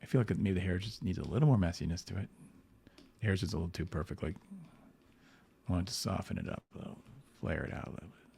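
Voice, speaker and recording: A man with a fairly low voice, chatting loosely as he paints comic art on a livestream. He rambles, restarts his sentences and leans on "you know" over and over. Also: fast talker, vocal fry, pauses often, mellow, husky. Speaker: comic book artist. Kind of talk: casual livestream chat while painting.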